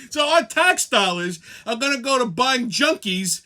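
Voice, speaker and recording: A man's voice: very high-pitched, lively intonation, unhurried, few pauses, pushed and bright. A man hosting a weekly show, ranting sarcastically and profanely. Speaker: host. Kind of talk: profane comedic rant.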